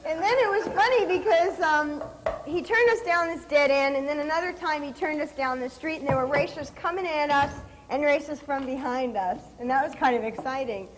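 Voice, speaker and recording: A woman's voice: high-pitched, music in the background, rough recording. A middle-aged woman co-hosting a comedy cooking show, bantering and teasing her partner while she stirs. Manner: playful, teasing, quick comebacks. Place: TV studio kitchen with live audience.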